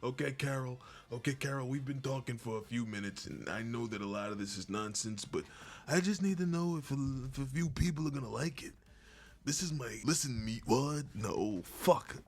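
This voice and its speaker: A man's voice: mid-range voice, a little fast, slight background noise. A man rambling to camera in a goofy, scattered comedic monologue, swearing and laughing between half-finished thoughts. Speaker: video creator.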